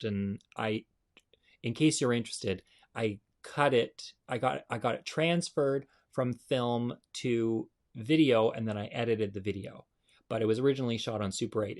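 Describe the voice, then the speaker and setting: Guy hosting a show telling corny jokes, chatty, pokes fun at himself. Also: mid-range voice. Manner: chatty, self-mocking. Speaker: comedy show host. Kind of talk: joke telling to an audience.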